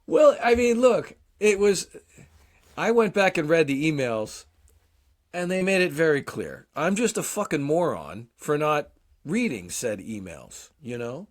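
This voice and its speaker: A man's voice: a little high, very animated, unhurried. A man in his forties, co-hosting a podcast, telling a long casual story, swearing often and mocking himself. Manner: profane, self-deprecating storyteller. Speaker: podcast co-host.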